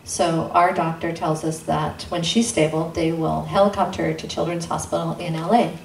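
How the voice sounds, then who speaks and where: A woman telling a personal testimony at a church gathering, in an earnest way, acting out the dialogue with sudden jumps in pitch. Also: fairly even intonation, normal speed, gravelly. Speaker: guest speaker sharing testimony. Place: intimate church gathering room. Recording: roomy sound from a distant mic, faint noise.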